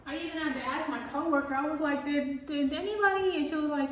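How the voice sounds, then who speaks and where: A woman who reads tarot, telling a story in casual vlog chat, animated and full of filler words and swearing. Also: sits high, quick pace, reverberant, far from the mic, heavy background noise. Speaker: tarot reader.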